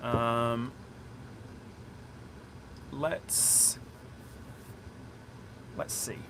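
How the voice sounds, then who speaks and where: A man's voice: medium pitch, fairly even intonation, very slow. A man from a small town outside Sheffield with a South Yorkshire accent, chatting casually to viewers on a live stream as he plays a solo board game and explains the rules. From small town outside Sheffield, England. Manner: chatty, rambling, thinks aloud, talks to viewers. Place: indoors at home, curtained room. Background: faint boiler noise.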